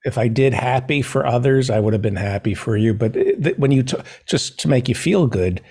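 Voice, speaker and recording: A man hosting a casual talk show, joking in a dry, self-deprecating, deadpan way. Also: mid-range voice, fairly quick, few pauses, slightly rough. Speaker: podcast host. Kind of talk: casual chat.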